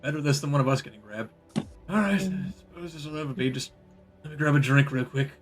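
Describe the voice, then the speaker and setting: A man's voice: on the high side, fast talker, soft background music. A man chatting casually as a player in a tabletop game, joking and swearing offhandedly. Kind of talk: casual chat.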